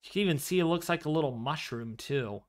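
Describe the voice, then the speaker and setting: A man hosting a live severe weather stream, commenting excitedly on radar and storms and repeating his phrases. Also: on the high side, quick pace. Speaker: livestream weather host.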